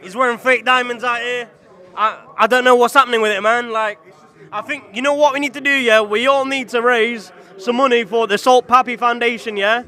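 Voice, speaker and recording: Boxer guy talking trash, cocky and slangy, high bright voice. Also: steady tone, fairly quick. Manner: mocking, boastful, slangy. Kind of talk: trash talk before a fight.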